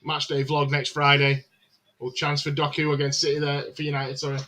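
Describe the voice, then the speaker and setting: A man's voice: a little high, completely flat delivery, brisk, pushed and bright. A man hosting a live match watchalong stream, chatting casually, calling the play and answering viewer comments with frequent filler words.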